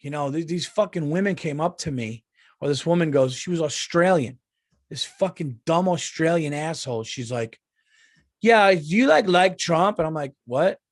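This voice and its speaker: A man's voice: a little high, normal speed, dry recording, studio quality. A man, a comedian hosting his podcast in a heated, profane ranting monologue. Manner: profane, heated, mocks people in quoted voices.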